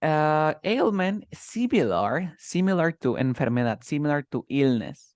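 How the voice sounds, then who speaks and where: A man's voice: on the high side, sing-song, unhurried, a little mellow, no room sound, clean studio sound. A man teaching English, patiently explaining words and stress while switching between English and Spanish. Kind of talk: bilingual English lesson.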